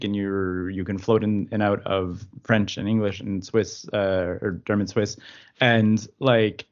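Rambling podcast host with muffled audio. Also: male voice, on the low side. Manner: rambling, laughs often. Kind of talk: casual chat.

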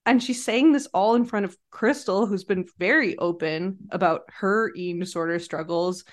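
A woman's voice: mid-range voice, normal speed. Heated, chatty woman podcast co-host. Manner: animated, heated recapping with quoted impressions. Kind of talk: casual chat.

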